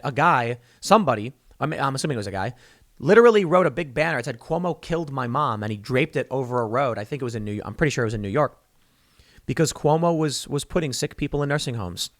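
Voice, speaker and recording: Animated sarcastic man with a lively voice. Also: mid-range voice, no room sound, clean studio sound. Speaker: show host. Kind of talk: political commentary monologue.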